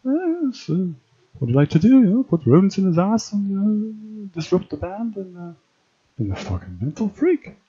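A husky, rambling cartoon rock musician, voiced by a man, with a fairly high, swooping voice that lurches up and down. He curses through every sentence and keeps circling back to filler words. The sound is dull and lo-fi, like a cheap home recording. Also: very animated, moderate pace, warm tone, exaggerated voice. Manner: foul-mouthed, rambling, full of filler words. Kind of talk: cartoon parody voice acting.

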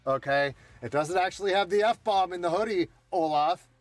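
A man's voice: high-pitched, moderate pace, dry recording, soft background music. Rowdy joking male streamer. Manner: rowdy, joking, swears a lot. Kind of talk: casual live-stream chat.

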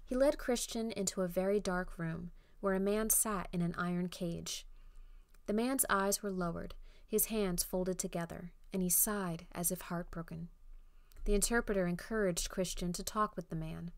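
A woman reading an audiobook aloud in an even, clear storytelling manner. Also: on the low side, moderate pace, no room sound. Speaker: audiobook reader. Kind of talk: scripted narration.

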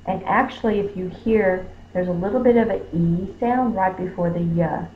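A woman teaching spelling, sounding out words slowly and stretching each syllable. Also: lowish voice. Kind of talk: slow phonics lesson. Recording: roomy dull recording with faint hum.

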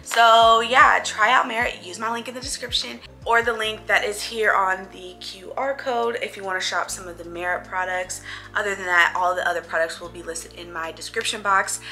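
A woman's voice: mid-range voice, steady tone, moderate pace, pushed and bright. A young woman chatting casually to camera in a beauty vlog, playful and talking to her viewers like friends. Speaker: beauty vlogger. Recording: faint music behind.

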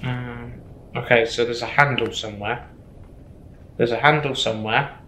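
A man's voice: mid-range voice, fairly even intonation, moderate pace, bright, forceful tone, reverberant, slight background noise, poor audio. A man commentating a horror game, jittery, swearing and repeating himself. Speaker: gameplay streamer.

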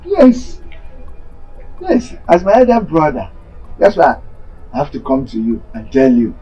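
High lively voice, nigerian accent, a pleading scheming brother, faint music. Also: male voice, a little slow, muffled recording, full character voice. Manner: wheedling, repeats "brother" with sharp pitch swings. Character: greedy, pleading man after his brother's land. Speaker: scheming younger brother, chief.

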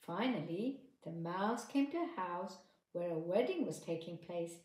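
A woman narrating a children's story in a clear, steady storytelling manner. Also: on the low side, a little slow. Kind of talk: children's story read-aloud. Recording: echoey room.

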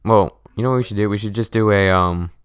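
A young male gamer chats casually with a friend over a headset mic. He sounds laid-back and joking, and his voice is smooth and clear. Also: lowish voice, quick pace, no room sound, studio quality. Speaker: channel host, gamer. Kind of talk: casual gaming chat with a friend.

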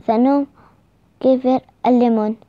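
A woman reading a children's storybook aloud, haltingly, with restarts. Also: fairly high pitch, steady tone, no room sound. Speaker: reader. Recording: slightly dull lo-fi recording.

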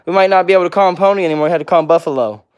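A man's voice: high voice, racing, a little mellow, smooth, lo-fi sound. A man hosting a casual livestream with viewers, answering comments one by one and cooing baby talk at his pets. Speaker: pet vlog host.

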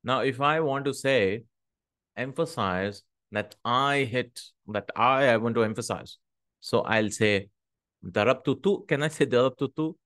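A man teaching Arabic grammar in English, reading the Arabic text quickly and often checking in with a questioning "hmm?". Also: medium pitch, a bit bright, no echo, clean studio sound.

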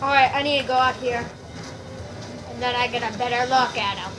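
A woman giving live commentary while playing a shooter game, excitable and often yelling and squealing at the action. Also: high-pitched, normal speed, background noise. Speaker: gameplay video maker. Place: at home playing a video game.

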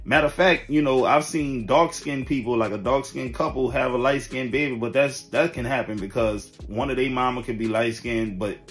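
A man's voice: medium pitch, moderate pace, hardly any pauses. A man hosting a reaction video, giving blunt, slangy, emphatic commentary. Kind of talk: casual commentary.

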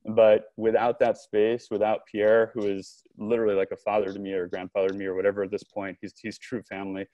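Low-voiced man telling a story. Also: fast talker, no room sound, highs cut off. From Southern California. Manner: animated storyteller, frequent restarts and quoted dialogue. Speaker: podcast guest, company co-founder. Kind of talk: storytelling in a conversational interview.

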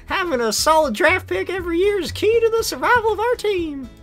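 A man voicing a formal, gushing woman who runs a football team, in a squeaky falsetto. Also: lively intonation, brisk, a bit bright, faint music behind. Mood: prim, gushing.

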